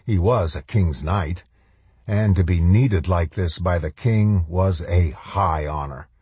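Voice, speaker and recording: A man narrating a novel in an audiobook with measured, even storytelling. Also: low voice, breathy edge, no echo.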